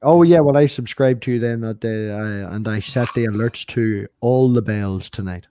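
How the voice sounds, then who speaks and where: A man chatting casually on a livestream, enthusiastic and excitable as he tells stories. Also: fairly low pitch, moderate pace, a little hiss or hum. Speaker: streamer, guest on a livestream. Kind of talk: casual chat.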